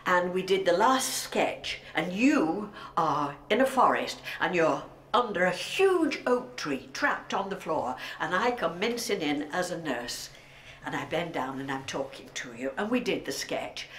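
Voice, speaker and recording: A woman's voice: fairly low pitch, big pitch swings, measured pace, a bit bright, a little hiss or hum. Older woman, emotional tribute in a roomy dressing room. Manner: emotional, often dropping to a whisper. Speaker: actress giving a recorded tribute. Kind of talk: heartfelt spoken tribute.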